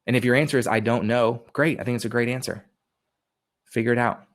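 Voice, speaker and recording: A man giving an energetic motivational webinar talk from home, repeating questions to coach his listeners. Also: mid-range voice, brisk. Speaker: webinar speaker. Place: home room with a dog.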